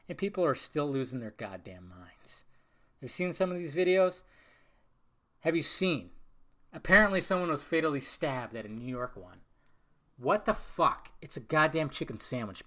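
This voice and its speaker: Bright-voiced ranting podcast man. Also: high voice. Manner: profane, animated ranting. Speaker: podcast host. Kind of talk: casual livestream Q&A chat.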